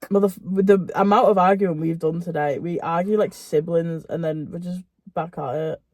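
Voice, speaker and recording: Young woman, casual chat, self-mocking, mellow voice, dry recording. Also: on the low side, fairly even intonation, moderate pace, no room sound. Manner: laughs easily, self-mocking. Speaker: YouTuber co-host.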